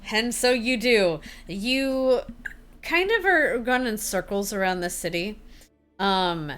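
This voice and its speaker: A woman's voice: lowish voice, bright, forceful tone. A young woman narrating a tabletop game as game master, casual, with many fillers and light laughs.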